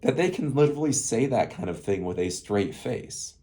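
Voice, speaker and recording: A man's voice: medium pitch, lively intonation, normal speed, mellow. A middle-aged man giving casual, sarcastic tech commentary as host, rambling and chuckling often.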